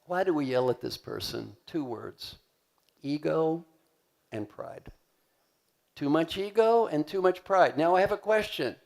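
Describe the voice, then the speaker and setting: An older American man gives a motivational keynote in a large conference hall, animated and acting out voices as he puts questions to the crowd. His voice is on the high side, with vocal fry, and he speaks unhurriedly.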